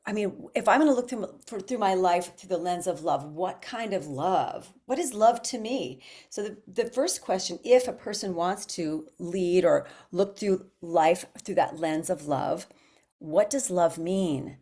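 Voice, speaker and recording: A woman's voice: lowish voice, unhurried, warm tone. A woman guest speaking in an earnest, encouraging way during a casual conversation. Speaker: guest coach.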